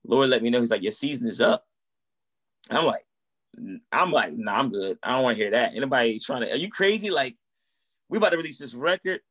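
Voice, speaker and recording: A man in his thirties telling his story in a casual interview, acting out quoted dialogue. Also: mid-range voice. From United States. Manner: animated, acts out quoted dialogue. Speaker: guest, musician and minister.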